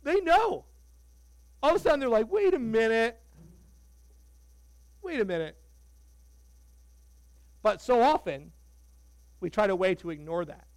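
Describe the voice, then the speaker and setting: Man, pastor, sermon, high voice, conversational, joking, dry close sound. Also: no room sound, rough recording. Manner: animated, conversational, joking with the congregation.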